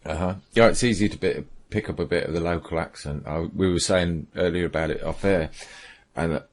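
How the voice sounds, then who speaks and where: Man, very deep voice, chatty, enthusiastic co-host. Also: brisk. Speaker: podcast co-host. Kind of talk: casual interview.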